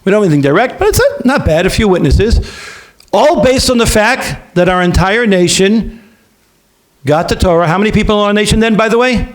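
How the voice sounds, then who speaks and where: Animated high-voiced rabbi. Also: male voice, a little fast. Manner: lively, acts out dialogue in different voices; conversational, checks in with the listeners. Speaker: rabbi teaching yeshiva students. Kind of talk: animated talk to a student audience.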